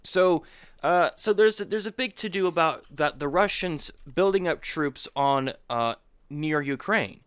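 A podcast co-host with a smooth, fairly high voice speaks unhurriedly, with no room sound. His casual political commentary is animated and keeps swinging into incredulous outbursts.

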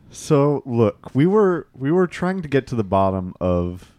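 A man's voice: medium pitch, sing-song, a little slow, a little mellow, dry recording. A man hosting a radio show, bantering playfully in an announcer-like way. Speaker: radio host.

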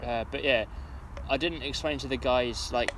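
A man's voice: medium pitch, normal speed, noisy background. A man, chatting on a podcast and telling a sweary story with lots of laughter. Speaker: podcast co-host. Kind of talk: casual chat.

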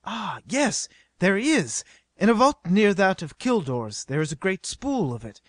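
A man's voice: sits high, very animated, normal speed, no echo, clean studio sound, voice pushed up. A man voicing the queen of an undersea city, a woman who speaks in an old-fashioned way. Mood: wondering. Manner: archaic, wondering speech.

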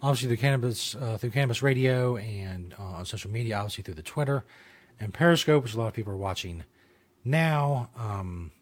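Speaking briskly in a medium-pitched voice, a man hosts his own show with a loose podcast monologue. He meanders, curses, restarts sentences and leans heavily on fillers.

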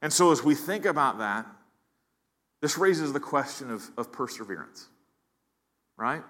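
A man's voice: medium pitch, expressive, unhurried, fairly bright tone. A man preaching a sermon as pastor, earnest, often repeating words as he builds emphasis. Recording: long hall reverb.

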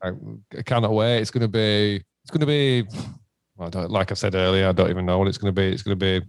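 A man, chatting casually about a hometown gig. He swears a lot and acts out quoted lines with big jumps in pitch. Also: fairly even intonation, quick pace, vocal fry, clean tone, no room sound. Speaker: band member. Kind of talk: casual chat, heavy swearing.

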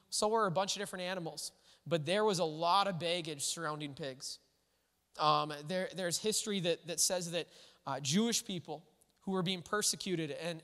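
A man preaching a sermon in a casual, animated way, full of asides to his listeners. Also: high voice. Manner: conversational, animated, full of "like" and "all right". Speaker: pastor. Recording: echoey hall.

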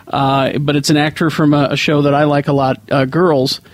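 A man's voice: a little high, little pitch movement, normal speed, no echo. A man hosting a casual podcast, joking and rambling with friends through many restarts. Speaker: podcast host. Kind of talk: casual chat among friends.

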